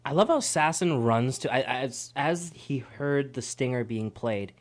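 A man's voice: medium pitch, unhurried, faint music behind. Guy cohosting live radio, voice swings up and down a lot, laughs constantly. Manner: animated, laughs often, teasing. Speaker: radio co-host. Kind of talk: casual banter on live radio. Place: campus radio studio.

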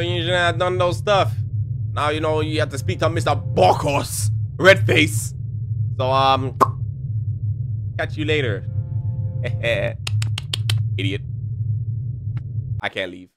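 A man's voice: a little high, slow pace, long pauses. A young man giving jokey commentary on a horror game, reading its dialogue aloud. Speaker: gaming commentator. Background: game music.

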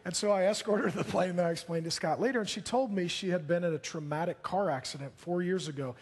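A man delivers a sermon from the pulpit, spinning animated, humorous stories. His voice sits slightly high with a husky edge, and it rings in a long church-hall reverb. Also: quick pace. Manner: animated, jokey storytelling with bursts of excitement. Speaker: pastor. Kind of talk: sermon storytelling.

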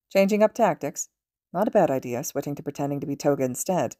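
Low-voiced woman reading fan fiction. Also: fairly quick, no echo, studio quality. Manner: steady, even-paced storytelling. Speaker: podfic reader. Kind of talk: fan fiction audiobook narration.

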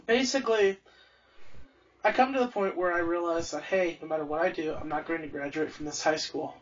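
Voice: medium pitch, steady tone, a little fast, husky. Young streamer, foul-mouthed and off-mic. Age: young adult. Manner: heavy swearing, angry, restarts a lot. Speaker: live streamer. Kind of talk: casual rambling storytelling. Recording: distant, dull lo-fi stream audio.

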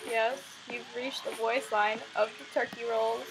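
A woman's voice: on the high side, fairly even intonation, unhurried, noisy background. A young woman hosting casual gameplay commentary, rambling and playful with frequent giggles. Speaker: gaming channel host. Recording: faint background music under the voice. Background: music playing in the background.

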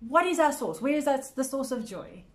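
A woman's voice: sits high, very animated, moderate pace. A woman teaching a Bible study to a women's group in an earnest, conversational way, often repeating words and checking in with her listeners. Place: church women's group meeting.

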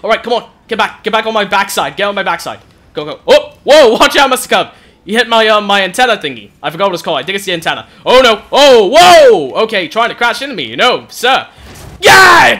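Man, gaming host; high, bright voice, jumps all over in pitch, excitable play-by-play. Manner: excitable, shouts and groans at the game. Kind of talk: live gameplay commentary.

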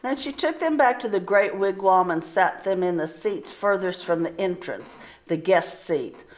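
A woman teacher reading a storybook aloud to children with expressive storytelling. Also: lowish voice. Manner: slow, expressive storytelling with pauses.

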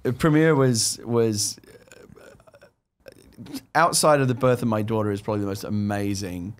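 A man, a guest screenwriter in his forties, excitedly telling stories in casual chat, often restarting his sentences. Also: on the low side, moderate pace. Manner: excited storytelling with many restarts.

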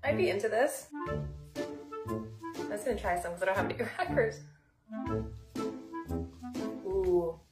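A woman's voice: mid-range voice, expressive, measured pace, long pauses, roomy sound, music in the background. A woman casually reviewing snacks on camera, chatty and giggly, sometimes talking with her mouth full. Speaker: snack taster.

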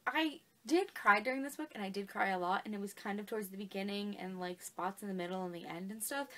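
A young woman talking casually and emotionally about books as a vlogger, gushing and filling her talk with "like" and "literally". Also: medium pitch. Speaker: book vlogger. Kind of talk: casual chat.

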